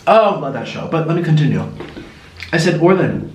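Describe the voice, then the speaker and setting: This young mukbang vlogger talks at a normal speed in a fairly high voice, chatting casually and telling animated stories while chewing. There's background noise, and the room echoes around a mic placed somewhat far off.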